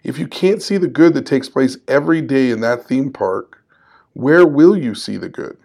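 A man's voice: medium pitch, expressive, normal speed, vocal fry, a little mellow. A man in his forties hosting a solo podcast, talking in an upbeat, conversational and encouraging way and laughing at himself now and then. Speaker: podcast host.

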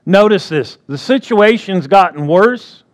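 A man's voice: sits high, animated, a little slow. A man preaching a sermon in a conversational way, often checking in with the congregation. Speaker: pastor.

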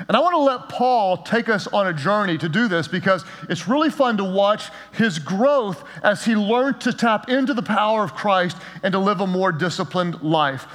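A male pastor preaching a sermon in an energetic, emphatic way, with a light joking touch, in a church sanctuary. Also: sits high, moderate pace, few pauses. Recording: long reverb of a large hall.

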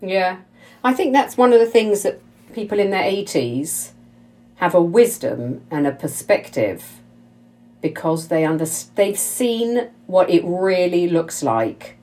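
A woman's voice: lowish voice, sing-song, measured pace, warm tone. A woman interviewing a guest in conversation, emphatic and effusive.

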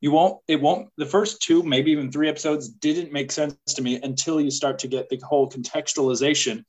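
A man's voice: steady tone, fairly quick, low-quality recording. A man co-hosting a podcast, joking and rambling in casual chat. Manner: jokey, rambling, pitching mock ads. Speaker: podcast co-host.

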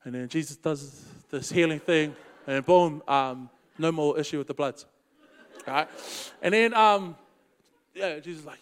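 A man's voice: a little high, unhurried, long reverb tail. A man preaching in a casual, slangy storytelling way. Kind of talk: storytelling sermon.

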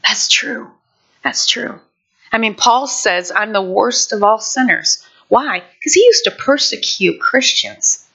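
A woman's voice: fairly high pitch, animated, slow pace, gravelly, a bit bright, husky, rough recording. A woman pastor preaching a fervent sermon, moving from prayer to acting out voices.

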